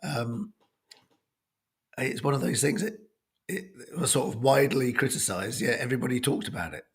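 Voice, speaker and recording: A man in his fifties co-hosting a sports podcast, his voice croaky from a cold, talking in a hesitant, casual way with many ums. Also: mid-range voice, animated, moderate pace. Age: 50s. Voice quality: husky. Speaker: podcast co-host.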